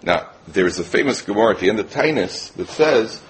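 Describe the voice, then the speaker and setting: A low-pitched man preaches a storytelling sermon, his voice rising and falling widely as he acts out the people in his stories. A faint hiss of noise sits under the recording. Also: a little fast. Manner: animated, voices characters in low tones. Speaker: rabbi giving a Torah talk.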